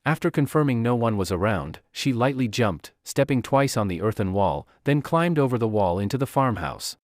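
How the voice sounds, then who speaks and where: Male narrator, expressive storytelling, dry close sound. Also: medium pitch, moderate pace, dry recording. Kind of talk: scripted narration.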